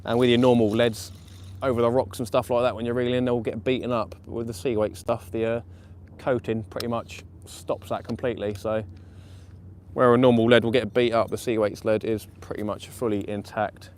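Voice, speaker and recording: A man commenting live on his night fishing session, chatty and excitable, laughing often, outdoors by the water. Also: mid-range voice, fairly quick, a little hiss or hum. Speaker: fishing vlogger. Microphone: camera or phone mic on a live stream.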